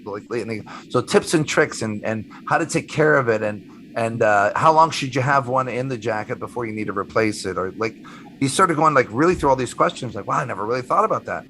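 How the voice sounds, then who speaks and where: A middle-aged man, a magician guest in a casual interview, telling animated stories, acting out the people he quotes and swearing casually. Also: mid-range voice, a little hiss or hum.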